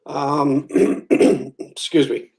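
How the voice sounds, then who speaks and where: A man co-hosting a casual sports talk show as a golf pro, relaxed and a little hesitant. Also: on the high side, drawn-out words, vocal fry, slightly rough. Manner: relaxed, hesitant, many fillers.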